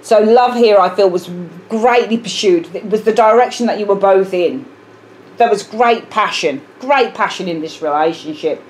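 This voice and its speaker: A woman's voice: mid-range voice, normal speed, a little mellow, a little hiss or hum. A woman with a British accent giving a casual tarot reading to camera, musing aloud and often repeating herself with fillers. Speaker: tarot reader.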